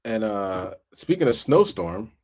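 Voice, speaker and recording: A man's voice: lowish voice, a little slow. A man teaching a casual Bible class in a conversational way, often asking "you know what I mean" and acting out quoted voices. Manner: animated, acts out quoted voices.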